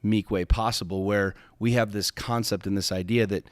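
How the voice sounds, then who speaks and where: A man's voice: on the low side, steady tone, normal speed, clear, resonant tone, no room sound, studio quality. A man hosting a podcast, telling a personal story in an intense, emphatic way, swearing often and restarting his sentences. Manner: intense, emphatic, profane, with frequent repeated starts. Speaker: podcast host.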